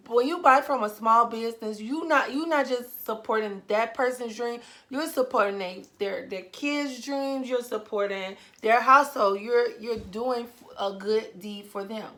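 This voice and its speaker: A woman's voice: a little high, pushed and bright. A woman vlogger, chatting emphatically to her viewers and tagging "okay?" onto her points. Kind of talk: casual unboxing chat to viewers.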